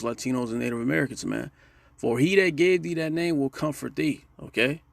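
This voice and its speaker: A man's voice: mid-range voice, gravelly, no room sound. A man preaching a casual sermon and reading scripture, stressing his points and closing nearly every phrase with "man" and "all right?". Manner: emphatic, call-and-response checks with listeners.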